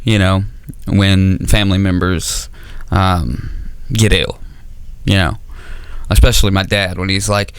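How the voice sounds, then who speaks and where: A man doing a stand-up comedy set on stage, rambling and self-deprecating with dark humor. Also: deep voice, fairly even intonation, unhurried, smooth, no echo.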